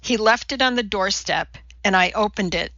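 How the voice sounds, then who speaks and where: A woman's voice: mid-range voice, normal speed, bright, forceful tone, no room sound, dull audio, natural voice. A woman reading an audiobook, voicing an upset young girl who tearfully confesses.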